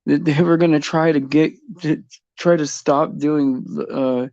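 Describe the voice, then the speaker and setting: A man with a gravelly, slightly high voice talks slowly and loosely in a casual faith chat. He rambles, stops and restarts, and chuckles as he goes. The sound is dry and a bit dull. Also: fairly even intonation, darkish tone, no echo. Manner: rambling, halting, many fillers and restarts, chuckling often.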